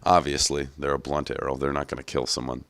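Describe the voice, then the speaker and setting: Very deep-voiced man doing profane game commentary. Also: little pitch movement, quick pace, a bit bright, dry recording. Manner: casual, profane, joking. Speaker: gaming channel host. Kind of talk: gameplay commentary.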